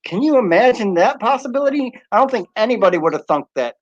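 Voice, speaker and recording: A man's voice: high-pitched, big pitch swings, quick pace. Chatty man hosting a home live stream. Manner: chatty, reads viewer comments aloud. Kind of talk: casual live stream chat. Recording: slightly dull lo-fi sound.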